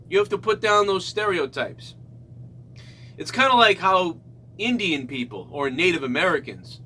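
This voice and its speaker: A man hosting a comedy show, giving a ranting comedic monologue that often bursts into loud shouts. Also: sits high, a little hiss or hum.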